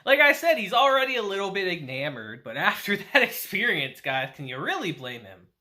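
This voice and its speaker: Animated, laughing young man reviewing anime. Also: high voice, a little fast. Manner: laughs often while recapping, chatty and animated. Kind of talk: casual episode recap and review.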